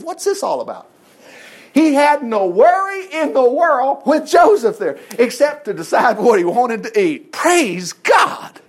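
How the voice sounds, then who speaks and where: A man teaching a Bible study, reading scripture aloud and breaking in with folksy exclamations and rhetorical questions. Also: sits high.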